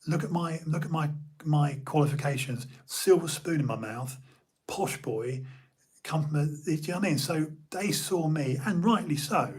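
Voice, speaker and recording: A man's voice: fairly high pitch, moderate pace, breathy edge. A middle-aged man from Bournemouth, telling old stories in a rambling casual chat full of fillers and restarts. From Bournemouth, England.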